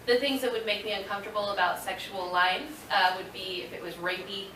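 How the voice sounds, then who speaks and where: A woman in her thirties with a slight twang, answering audience questions at a convention panel with lots of fillers and animated storytelling. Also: mid-range voice, a little fast, far from the mic, noisy background. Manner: chatty, many fillers, animated retelling. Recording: echoey room recorded from afar.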